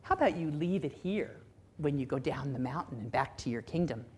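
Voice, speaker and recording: Woman voicing a gentle old sage in a told parable, low, hushed and husky. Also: animated. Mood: gentle, calm. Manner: soft, gentle and unhurried. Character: calm kindly old male wise man.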